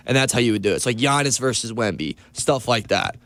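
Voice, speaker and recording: A man on a sports talk radio show, eagerly pitching and defending his own idea. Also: animated, fast, a bit bright. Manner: eager, enthusiastic pitching ideas.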